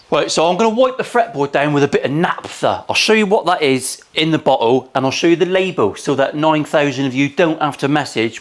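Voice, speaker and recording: A man's voice: fairly high pitch, lively intonation, brisk, few pauses. Forties man, luthier, casual workshop chat, cheeky and crude, swears freely. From England. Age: 40s. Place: guitar workshop.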